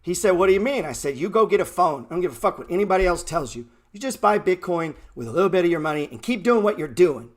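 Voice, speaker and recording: A man's voice: high-pitched, a bit bright. Brash, blunt man ranting. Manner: blunt, brash and mocking, heavy swearing. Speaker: trading show host. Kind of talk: profane motivational rant.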